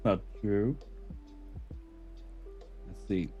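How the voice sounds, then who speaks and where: A man's voice: lowish voice, steady tone, very slow, warm tone, lo-fi sound, faint music behind. A man from Norway with a Norwegian accent, chatting casually with his stream viewers in a rambling, chuckling way and drifting into mild rants. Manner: rambling, chuckling, mildly ranting. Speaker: livestreamer.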